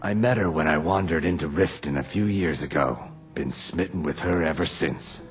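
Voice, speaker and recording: An actor playing a gentle, lovestruck lizard-man in a video game, speaking in an earnest, measured way. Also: extremely low pitch. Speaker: game character. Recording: game audio with faint music.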